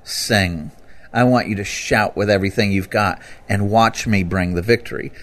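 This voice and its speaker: Man with a fairly low voice, teaching. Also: moderate pace. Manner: animated, rises to loud bursts when quoting scripture. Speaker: Bible teacher. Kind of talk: conversational teaching talk.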